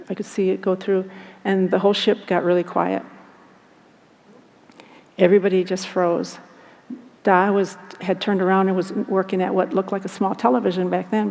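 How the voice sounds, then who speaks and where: A woman earnestly recounting personal experiences, speaking in a halting, reflective way. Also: mid-range voice, creaky, darkish tone. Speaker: guest recounting abduction experiences. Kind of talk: personal storytelling. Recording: long hall reverb.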